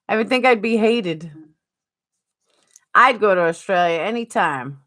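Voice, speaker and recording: A woman's voice: medium pitch, a little slow, pauses often, a bit bright. A woman with a New York accent chatting casually on a live stream, answering viewers by name.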